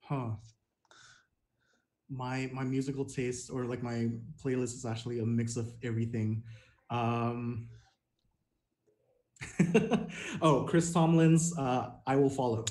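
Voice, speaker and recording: A man from Indonesia talks as an interview guest over a video call, easygoing and quick to laugh, with many hesitations. His voice sits at an ordinary middle pitch. The call audio sounds roomy and echoey. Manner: relaxed, laughs often, hesitant fillers. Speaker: guest, campus missionary.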